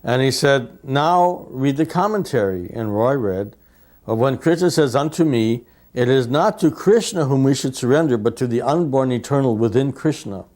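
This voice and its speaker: A man telling anecdotes in a lively way, acting out the quotes he recalls. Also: mid-range voice, moderate pace. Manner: lively storyteller, acts out quotes. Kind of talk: anecdotal storytelling.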